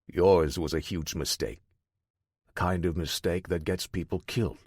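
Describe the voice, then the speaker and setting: A man's voice: low voice, fairly even intonation, normal speed, breathy edge, dry recording, clean studio sound, voice pushed down. A man as a cold, menacing crime boss.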